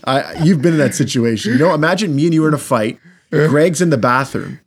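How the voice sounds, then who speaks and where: A man in casual sports chat, animated and profane, acting out what players said. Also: on the high side, a little fast, breathy edge. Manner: animated, swears a lot, acts out quotes.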